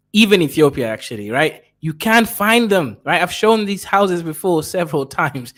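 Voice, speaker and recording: A man's voice: fairly high pitch, fairly bright tone. A man giving blunt, crude reaction commentary who keeps tagging his points with a question.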